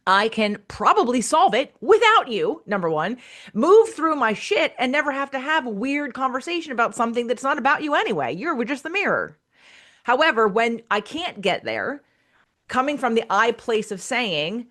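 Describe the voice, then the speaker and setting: A woman's voice: mid-range voice, lively intonation, moderate pace, a bit bright. A woman hosting a casual podcast conversation, frank and blunt, who swears casually and acts out the voices of people she quotes. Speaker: podcast host.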